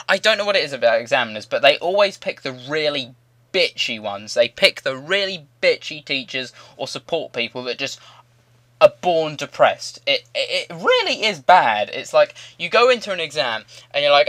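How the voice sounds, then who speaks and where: A man's voice: on the high side, very animated, normal speed, fairly bright tone, dry recording. A young man in his late teens hosting his channel, rambling through a cheeky, crude story in casual commentary. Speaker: channel host.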